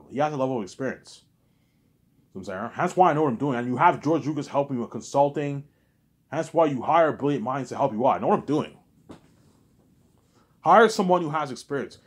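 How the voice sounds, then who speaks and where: A man's voice: medium pitch, slightly rough. A man talking in a rambling, repetitive monologue, often restarting and adding "you know what I'm saying". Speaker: vlogger.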